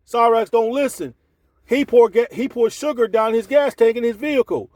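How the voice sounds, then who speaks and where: A man's voice: extremely high pitch, normal speed, darkish tone, dry recording. A man giving an exasperated commentary rant, repeating himself and firing rhetorical questions. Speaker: commentary channel host. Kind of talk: ranting commentary.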